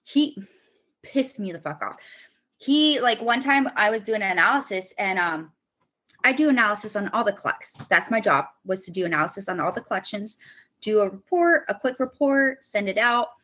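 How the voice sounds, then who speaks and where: A woman's voice: medium pitch, animated, normal speed, fairly bright tone. A young woman guest on a podcast, bluntly telling a personal story, swearing often and acting out past arguments in quotes.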